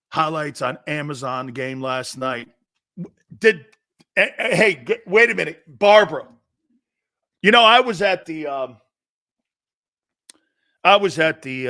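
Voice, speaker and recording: A man in his fifties from the northeastern United States, hosting a sports talk show in a casual, joking way and reading out viewer comments. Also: medium pitch. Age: 50s. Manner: animated, joking, quick to laugh.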